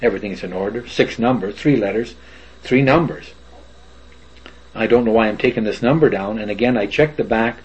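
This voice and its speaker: A man's voice: fairly low pitch, fairly quick, slightly rough. An older man giving rambling, detailed first-person testimony about something he witnessed. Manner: rambling, detailed storytelling with fillers. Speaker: eyewitness. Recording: dull lo-fi recording.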